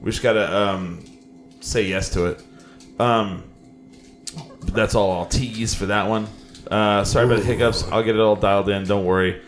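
A man with a lowish voice hosts a relaxed chat show from a small studio. He rambles a bit, restarts his sentences and keeps things easygoing. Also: moderate pace, a little hiss or hum. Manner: loose, apologetic, rambling with restarts. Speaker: show host. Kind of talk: casual chat.

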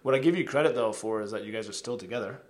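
A man's voice: lowish voice, rapid-fire. A man hosting a casual podcast interview, affirming his guest with many mm-hmms and chuckles. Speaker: podcast host.

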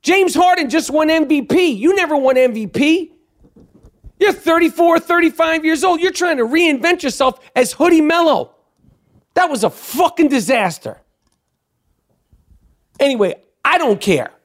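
A man hosting a sports podcast, talking in a profane, animated, rambling way. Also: very high voice, measured pace, pauses often. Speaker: podcast host. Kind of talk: casual sports podcast rant.

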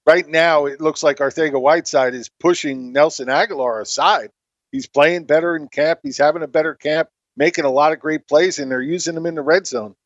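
A man with a slightly high voice gives blunt, emphatic takes on draft picks. He comes through a dull, lo-fi connection that sounds dry and close. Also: a little fast, dry recording. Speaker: fantasy football co-host. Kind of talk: casual sports chat. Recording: dull lo-fi line.

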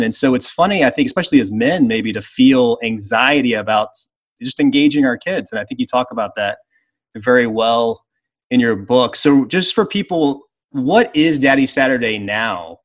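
Male host, interview, relaxed questions, medium pitch. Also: moderate pace. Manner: relaxed questioner, brief affirmations. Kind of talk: conversational interview.

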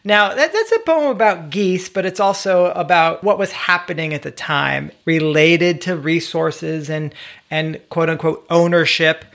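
A man's voice: a little high, flat delivery, unhurried, gravelly, a bit bright. A man co-hosting a casual podcast chat, playful and fond of putting on a mock posh accent. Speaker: podcast co-host.

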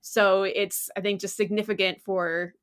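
A woman co-hosting a podcast, chatting in a relaxed way with many fillers. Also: mid-range voice, measured pace. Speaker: podcast co-host. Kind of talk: casual chat. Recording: close podcast mic.

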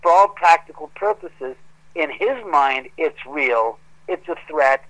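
A man telling a story in a casual, animated way that grows heated as he goes. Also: a little high, a little slow, rough recording. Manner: animated, gets heated retelling events. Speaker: guest homeowner telling a story.

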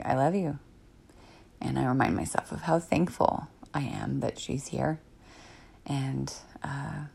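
Alone on her parenting podcast, a woman in her thirties talks casually, reflecting and rambling with many fillers. Her voice is low-pitched and creaky.

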